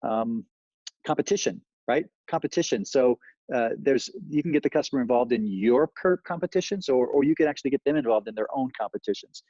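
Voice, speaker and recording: A man's voice: medium pitch, fast talker, warm tone, no echo, muffled recording. A man giving a sales training talk, rambling with many fillers and acting out lines he would say to customers.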